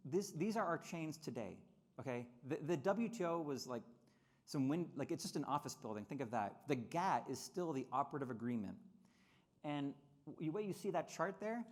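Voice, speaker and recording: A man giving a lively convention speech on trade history, often repeating words and acting out quotes in mocking voices. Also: mid-range voice. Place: convention hall.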